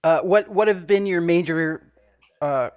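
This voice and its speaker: A man's voice: on the high side, unhurried, a little mellow. A man interviewing a guest over a video call, a touring artist himself, asking casual questions with many "uh" restarts.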